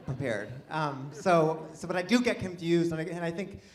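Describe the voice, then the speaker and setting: A man with a fairly high voice performs a stand-up set at a moderate pace before a live audience at a comedy venue. He's chatty and self-deprecating, rambling with restarts. The very noisy recording includes audience laughter.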